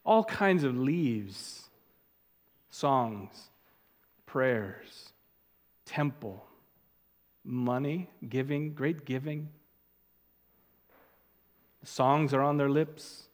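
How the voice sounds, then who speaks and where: A man preaching an expository sermon, stressing key words loudly and dropping to quiet asides. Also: medium pitch. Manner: emphatic, deliberate, swings from loud stresses to quiet asides. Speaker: pastor. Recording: long hall reverb.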